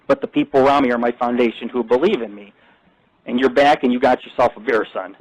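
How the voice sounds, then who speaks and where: A man's voice: mid-range voice, fast, no room sound, poor audio. A middle-aged man hosting a live internet radio talk show, ranting and boasting in crude, profane language.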